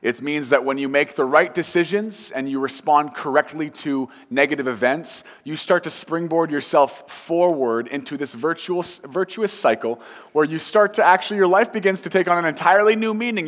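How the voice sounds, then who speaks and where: Pastor guy preaching earnestly, repeats lines for punch, big church reverb. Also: fairly high pitch. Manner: earnest, building emphasis with repeated phrases. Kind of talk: sermon.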